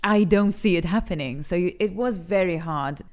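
A young adult actress from Malta, speaking openly and with feeling in an interview, laughing easily. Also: female voice, fairly low pitch, normal speed, darkish tone. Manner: candid and emotional, laughs easily. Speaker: actress and TV talent show judge. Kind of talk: frank interview conversation.

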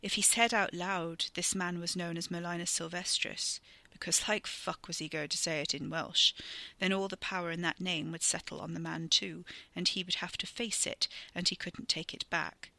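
Very bright, gravelly story narrator. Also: mid-range voice, normal speed, hardly any pauses, no room sound. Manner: vivid, steady storytelling. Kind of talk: scripted narration.

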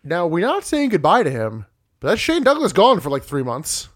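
Man, fairly high voice, casual podcast co-host, play-by-play recap, wry. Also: huge pitch swings, moderate pace. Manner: recounts matches play by play, wry. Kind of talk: casual wrestling recap chat.

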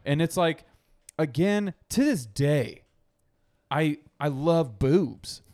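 A man's voice: a little high, animated, slow, darkish tone. A man in his thirties in casual podcast chat, blunt and crude in his jokes. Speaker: podcast co-host.

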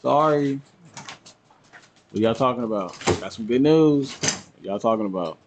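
A man's voice: medium pitch, a little slow, background noise. A man on a podcast telling a story in casual chat, acting out what family members said. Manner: animated, acts out quotes of family. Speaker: podcast co-host.

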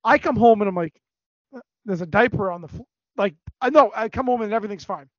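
A high-voiced man tells a rambling story with plenty of swearing and energy. His voice sits dry and close in a dull, lo-fi recording. It sounds like casual podcast chat. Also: quick pace, dry recording. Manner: animated, profane storytelling. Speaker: podcast co-host.

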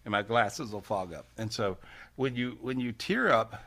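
A man's voice: on the low side, lively intonation, moderate pace. A man hosting a live spiritual healing call-in over a video call, folksy and repetitive, laughing often. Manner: warm, folksy, repeats phrases, laughs often. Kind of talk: casual live call-in session.

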